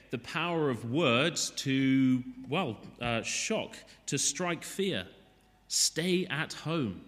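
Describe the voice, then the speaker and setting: Male preacher, bright and forceful tone, relaxed joking asides. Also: a little high, in a large hall. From Wales. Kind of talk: sermon.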